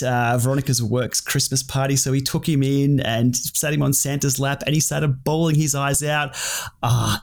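An Australian man co-hosting a podcast, telling chatty anecdotes. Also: medium pitch. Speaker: podcast co-host. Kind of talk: casual podcast chat.

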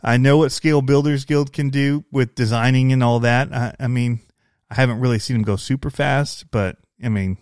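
Casual male hobby creator, slight Southern accent, self-deprecating rambler, mid pitch, dry close mic. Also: fairly even intonation, normal speed, darkish tone, clean tone, no room sound. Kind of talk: casual chat.

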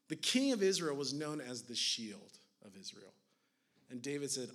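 A man delivers a sermon in a relaxed, chatty voice of ordinary pitch. He leans on casual fillers and swings between hushed, whispered moments and urgent, raised stretches. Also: normal speed. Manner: conversational, fillers of "like", rising to intense then hushed. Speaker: pastor.

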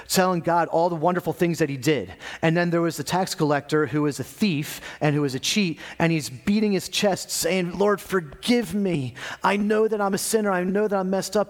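A man preaching a sermon in a casual, energetic way, acting out little scenes as he goes. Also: on the high side.

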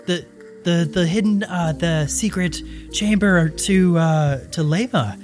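Give me a man doing a soft-spoken temple sister, earnest, with music playing behind. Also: sits high, takes it slowly, voice pushed up. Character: serene woman in white, a temple sister.

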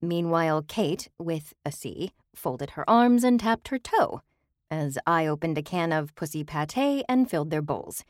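Lively, wry woman narrating an audiobook. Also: sits low, unhurried, no echo, studio quality. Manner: wry, expressive storytelling. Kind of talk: first-person scripted narration.

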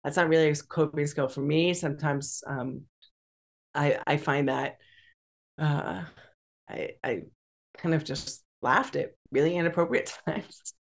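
An interview guest speaking candidly over a video call, halting and restarting often with frequent nervous laughter. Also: medium pitch, vocal fry.

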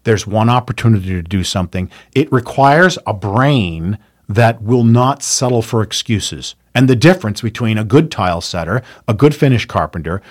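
A man's voice: fairly low pitch, animated, moderate pace. A man, a building contractor, giving advice in a casual conversation, repeating phrases for stress and stacking points in lists.

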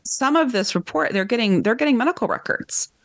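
A woman co-hosting a casual book club chat, talking in a chatty, animated way and laughing easily. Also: fairly high pitch, a little fast, dry recording, clean studio sound. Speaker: podcast co-host.

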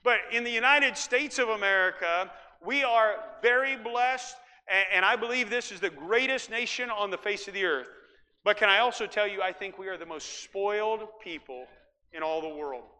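A middle-aged man from Iowa preaching a sermon as pastor, emphatic and folksy, rising at times to shouts. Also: high voice. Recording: long hall reverb.

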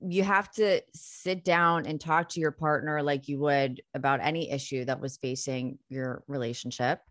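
A woman's voice: deep voice, steady tone, normal speed. A woman guesting on a podcast, speaking earnestly and reassuringly in conversation. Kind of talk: supportive conversation.

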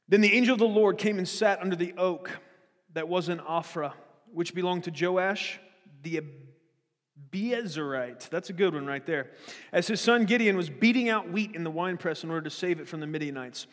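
Chatty male preacher in a reverberant hall. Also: high-pitched. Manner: conversational, with joking asides and questions to the room. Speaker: pastor. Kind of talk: sermon.

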